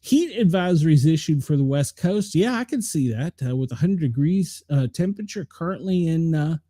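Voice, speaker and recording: A man's voice: fairly high pitch, expressive, normal speed, warm tone, dry recording, clean studio sound. A middle-aged man, rambling casually through a weather rundown and talking to viewers by name. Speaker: show host reading the weather.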